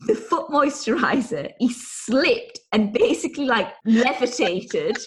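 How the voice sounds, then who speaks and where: A woman's voice: on the high side, very animated, unhurried, hardly any pauses, very noisy. Chatty woman telling stories. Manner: chatty storyteller, giggly, self-mocking. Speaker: podcast co-host. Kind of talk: casual chat.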